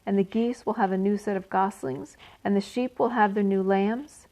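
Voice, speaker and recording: A woman's voice: medium pitch, fairly even intonation, normal speed, dark tone, natural voice, rough recording. A woman voicing a naive young male pig in a raised, earnest, wondering voice. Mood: eager.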